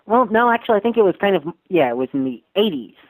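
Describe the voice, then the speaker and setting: A man's voice: high voice, big pitch swings, quick pace, no room sound, poor audio. Young man, dry close sound, hesitant. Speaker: podcast co-host. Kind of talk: casual chat.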